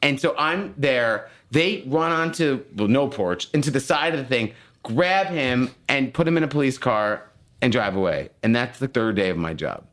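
Animated man telling a wild story. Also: medium pitch, moderate pace. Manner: animated storyteller who acts out voices, swears freely. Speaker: podcast co-host. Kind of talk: casual chat, storytelling.

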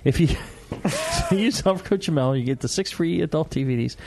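A man's voice: a little high, fairly quick, creaky, warm tone, a little hiss or hum. A man hosting a podcast in casual chat, joking and laughing a lot as he rambles through a sponsor read with fillers. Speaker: podcast host.

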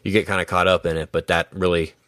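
Podcast co-host, male, very low voice, loose rambling delivery, dry close mic. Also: flat delivery, quick pace, fairly bright tone, no echo. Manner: rambling, self-correcting, laughs often. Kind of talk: casual movie-review chat.

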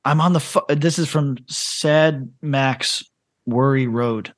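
A man co-hosting a casual podcast, talking in an animated, profane way and laughing often. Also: medium pitch, slow pace, no echo, clean studio sound. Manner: animated, profane, laughing, reading posts aloud. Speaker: podcast co-host.

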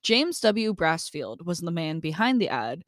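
A woman's voice: fairly low pitch, very animated, measured pace, no room sound, clean studio sound. A woman co-hosting a podcast in casual chat, upbeat, laughing often and reading from her notes. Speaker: podcast co-host.

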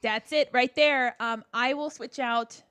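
A woman's voice: fairly high pitch, fairly even intonation, measured pace, fairly bright tone, clear, resonant tone, no echo. A young woman in her twenties hosting a casual chat, bubbly and enthusiastic. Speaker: host.

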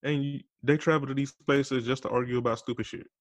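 A man's voice: medium pitch, steady tone, fairly quick, dry recording. A young adult man co-hosting a casual podcast, drawling and swearing as he recaps reality TV. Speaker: podcast co-host.

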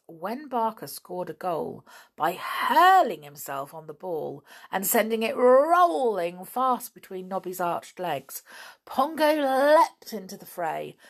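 A woman reading a children's book aloud, expressive and animated, with chatty asides. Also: mid-range voice. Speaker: storyteller.

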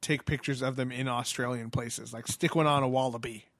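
A man's voice: medium pitch, steady tone, a little fast, a bit bright, no echo, studio quality. A man co-hosting a podcast from home, chatting casually, laughing often and swearing freely. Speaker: podcast co-host. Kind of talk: casual chat. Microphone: headphones and studio mic.

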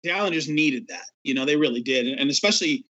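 Guy with a bright fairly high voice, rambling casual podcast chat, laughs at himself. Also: quick pace, muffled recording. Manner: rambling, self-mocking storyteller. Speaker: podcast co-host.

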